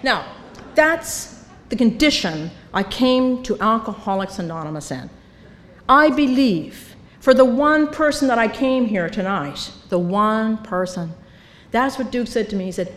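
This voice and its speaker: A woman's voice: on the high side, animated, measured pace. An older woman sharing her recovery story at a meeting, storytelling with humor and acting out the voices of others. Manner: storytelling, acts out voices, self-mocking humor. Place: meeting hall. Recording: reverberant hall, faint background noise.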